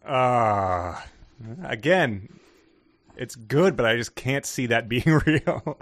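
Lively man in a dry room. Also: mid-range voice, slow, no echo. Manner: hesitant, lots of fillers, expressive reactions. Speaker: guest. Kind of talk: casual chat.

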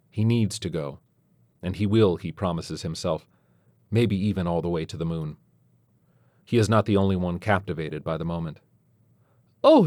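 A man reading a story aloud as narrator, keeping a steady storytelling pace with brief voiced quotes. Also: sits low, no room sound, studio quality. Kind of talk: scripted narration.

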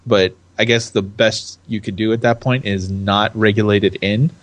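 A young man with a lowish voice chats casually on a podcast. He rambles, stops and restarts, and breaks into laughter now and then. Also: little pitch movement, moderate pace. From California. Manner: rambling, self-interrupting, laughs often. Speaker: podcast co-host. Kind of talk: casual chat.

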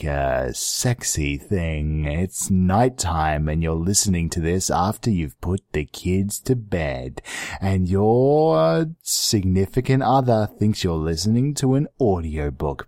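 A man voicing a seductive late-night male radio announcer, crooning slowly and dropping his voice low. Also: dark tone, no room sound, studio quality, heavily acted. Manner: slow, drawn-out, breathy crooning. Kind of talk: mock seductive show intro.

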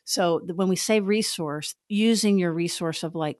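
A woman therapist co-hosting a podcast, giving frank, animated advice in a casual conversational way. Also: lowish voice, moderate pace, few pauses, dry recording, studio quality. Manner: frank, animated, self-deprecating.

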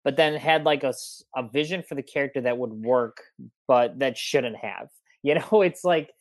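A man's voice: mid-range voice, moderate pace, no room sound. Easygoing man in casual chat. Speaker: podcast co-host.

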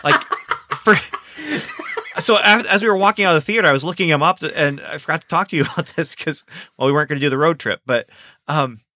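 A man co-hosting a casual movie review chat, animated and laughing often as he talks. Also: fairly high pitch, fast talker, noisy background. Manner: animated, laughs often, acts out quoted lines. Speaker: podcast co-host.

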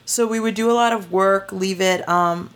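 A woman's voice: medium pitch, moderate pace. A woman, a guest telling stories about her family in a casual interview, laughing often. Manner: laughs often, animated storytelling. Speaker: guest, toy maker. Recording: faint background noise.

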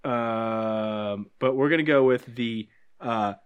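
Man, podcast co-host, casual chat, dry wry humor, trails off quietly. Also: mid-range voice, takes it slowly, clean tone, highs cut off.

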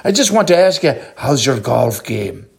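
A man's voice: very animated, moderate pace, vocal fry, slightly rough, exaggerated voice. A man voicing a cheery, pushy little male leprechaun in a told joke. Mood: eager. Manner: eager, prodding, squeaks up in surprise.

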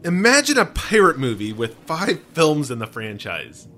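A man co-hosts a casual podcast and recaps a film scene by scene, full of jokes and rambling asides. His voice sits a little high and swings widely in pitch. The tone is bright and forward. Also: normal speed, slight background noise. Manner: animated, joking, rambling asides. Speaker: podcast co-host.

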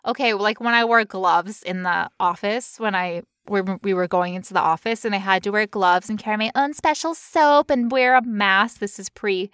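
A woman co-hosting a casual podcast, talking in an animated way and breaking into mocking impressions. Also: mid-range voice, normal speed, few pauses, smooth, no room sound, studio quality. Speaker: podcast co-host.

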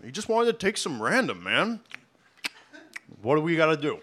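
A man's voice: on the high side, big pitch swings, normal speed, exaggerated voice. A man playing a hesitant, stammering young sidekick in a comedy audio drama. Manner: hesitant and stammering, bursts into yelling. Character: nervous dim young sidekick who can turn day into night.

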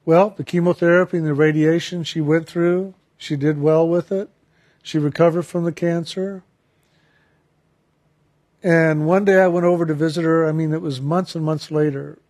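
A man calmly recounting a personal story and turning it into a spiritual lesson, earnest and reflective, slowing down on the phrases he wants to stress. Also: on the high side. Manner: calm, earnest, reflective, with slowed emphasis on key phrases.

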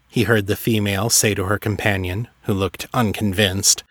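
Male narrator, low and measured, dramatic fantasy reading, dry booth sound. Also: steady tone, fairly bright tone, husky, no echo. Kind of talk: scripted narration.

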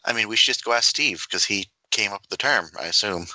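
Low-voiced male co-host with a sharp, bright tone and dry sound; relaxed, dry delivery. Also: fast, no room sound, low-quality recording. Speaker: podcast co-host. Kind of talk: casual podcast chat.

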